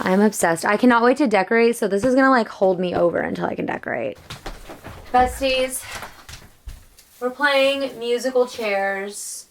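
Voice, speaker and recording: Woman, young adult, casual chat to camera, bubbly, lots of likes, home bedroom, distant mic. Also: medium pitch. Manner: chatty, bubbly, many likes. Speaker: lifestyle vlogger. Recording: voice a bit far from the mic.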